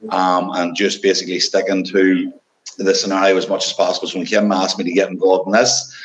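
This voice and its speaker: A man in his forties with an Irish accent, a bodybuilding trainer and judge answering questions quickly in a live Q&A. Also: sits low, level tone, poor audio. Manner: talks fast.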